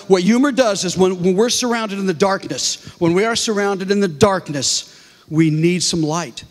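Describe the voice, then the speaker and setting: A middle-aged comedian speaking to a congregation, telling humorous stories with many restarts. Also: male voice, high voice, moderate pace. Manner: animated storytelling with many restarts. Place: large church hall. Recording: reverberant hall.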